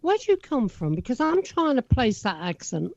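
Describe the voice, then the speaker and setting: A woman's voice: high voice, sing-song, vocal fry, no echo, muffled recording. A woman co-hosting, cracking jokes and teasing asides. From England. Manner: joking, teasing, quick asides. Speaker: podcast co-host. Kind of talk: casual interview chat.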